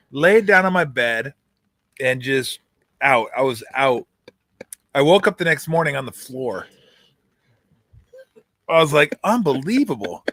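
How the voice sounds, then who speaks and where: Storytelling middle-aged sports host. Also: male voice, fairly high pitch, no echo. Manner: storytelling, jokey, animated retellings. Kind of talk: casual chat. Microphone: streaming call mic.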